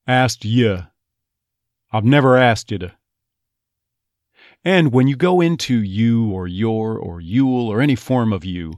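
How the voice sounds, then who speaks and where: A man's voice: mid-range voice, darkish tone, no echo, studio quality. A man working as an accent coach, teaching step by step and demonstrating sounds word by word. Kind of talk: instructional teaching.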